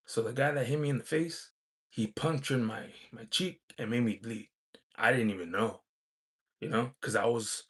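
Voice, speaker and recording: Casting note: a man with a gravelly, rough voice, rambling casual storyteller. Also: medium pitch. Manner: rambling, many fillers and restarts. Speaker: vlogger.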